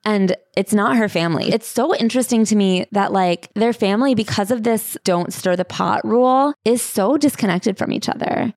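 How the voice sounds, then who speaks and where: A woman co-hosting a podcast, recapping a story in quick, animated casual chat and acting out quotes. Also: mid-range voice, no room sound, clean studio sound. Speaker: podcast co-host.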